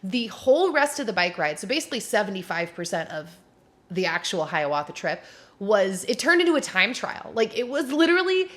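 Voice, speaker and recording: A young woman vlogging, telling a story to camera in a chatty, animated way with lots of filler words and squealed quotes. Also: medium pitch, fairly quick.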